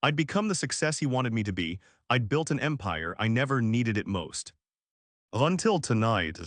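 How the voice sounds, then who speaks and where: A man's voice: mid-range voice, sing-song, moderate pace, fairly bright tone, no echo. Man narrating a story. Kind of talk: first-person story narration.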